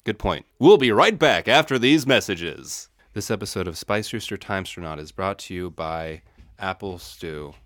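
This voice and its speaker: A man's voice: sits low, animated, normal speed, fairly bright tone, dry recording, studio quality. A man hosting an improvised comedy story, playfully narrating and jumping between characters. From California. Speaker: host and narrator.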